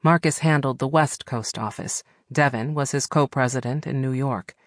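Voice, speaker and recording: Casting: male audiobook narrator, mid-range voice, steady read, dry close studio sound. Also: mid-range voice, normal speed, no echo. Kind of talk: scripted narration.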